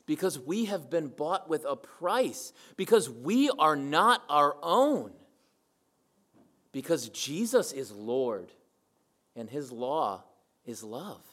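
A man's voice: a little high, sing-song, takes it slowly, a bit bright. Emphatic man preaching a sermon. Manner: emphatic, repeats key phrases for weight. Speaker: pastor.

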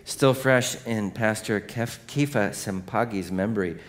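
Give me a nasal middle-aged pastor, lower-pitched, swinging from playful jokes to quiet earnestness. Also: male voice, measured pace. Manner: animated, jokey storytelling that drops to hushed earnestness. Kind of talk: sermon.

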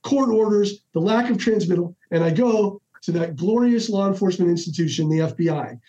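A middle-aged man, a podcast guest, telling stories in a casual, animated way and acting out the dialogue with lots of restarts. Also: high voice, brisk. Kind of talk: casual storytelling. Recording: dull lo-fi audio.

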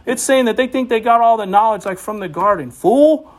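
A male preacher with a somewhat high voice, talking through scripture in a loose, conversational way. He leans hard on his points, and his voice climbs as he presses them. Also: fast. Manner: conversational, emphatic, rising to animated exhortation. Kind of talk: informal sermon teaching.

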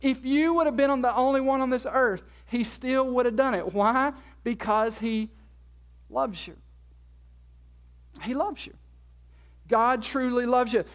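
Male preacher, very high pitch, earnest and encouraging, repeats phrases, sermon delivery. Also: normal speed. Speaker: pastor.

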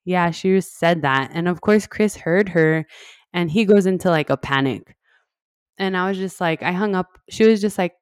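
A woman's voice: fairly low pitch, moderate pace, clear, resonant tone, no room sound, clean studio sound. A young woman from West Texas casually telling her own story, chatty and full of "like", acting out what others said. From West Texas, USA. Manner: chatty, heavy use of "like", acts out quoted dialogue.

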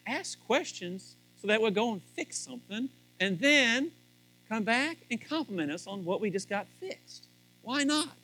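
A man in a high, bright voice gives a joking, folksy talk on marriage to a live audience, often restarting his sentences. Soft guitar music plays faintly under him. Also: dry recording, rough recording. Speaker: church speaker on marriage. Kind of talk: humorous sermon to a live audience.

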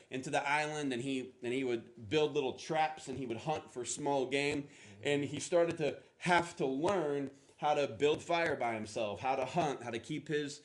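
A man preaching a sermon, telling a story with halting restarts and acting out the speakers with rising intensity. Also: medium pitch. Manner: animated, acts out the lines with rising intensity; halting, repeats words while searching. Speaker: pastor.

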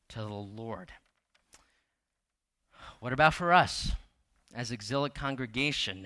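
A man's voice: medium pitch, pushed and bright. A man in his thirties preaching a sermon as a pastor, telling a personal story conversationally with many fillers and repeated words, often asking the congregation questions.

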